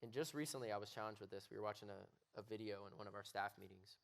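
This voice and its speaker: A man's voice: lowish voice, fast talker, gravelly. Earnest young man preaching to youth. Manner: earnest, builds to raised emphatic pleading. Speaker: youth pastor. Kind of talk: youth sermon. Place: youth service room with audience.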